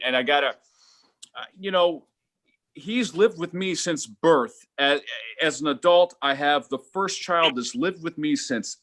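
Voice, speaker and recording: A middle-aged man doing a rambling stand-up set over a video call, animated and prone to loud exasperated outbursts. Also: on the high side. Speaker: stand-up comedian. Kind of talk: virtual open-mic stand-up set. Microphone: home video call mic.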